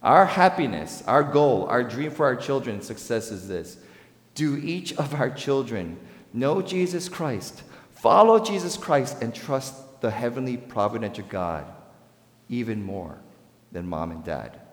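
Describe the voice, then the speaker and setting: A male pastor preaching a sermon, swinging between loud, rising emphasis and quiet, low asides. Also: lively intonation, unhurried. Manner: dynamic preaching with sharp swings in pitch and volume. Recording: echoey hall with long reverb.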